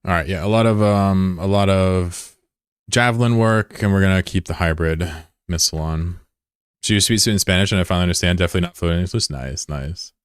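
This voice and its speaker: A man's voice: sits low, fairly quick, clear, resonant tone, dry recording, clean studio sound. A man streaming a game and chatting casually with viewers, rambling and curious, with plenty of fillers and swearing. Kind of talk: casual chat with viewers while gaming.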